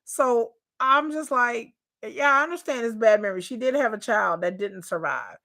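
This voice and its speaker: A woman's voice: a little high, moderate pace, sharp tone. A woman giving casual, incredulous commentary on a reality show, talking in a colloquial drawl and laughing often. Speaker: reaction commentator.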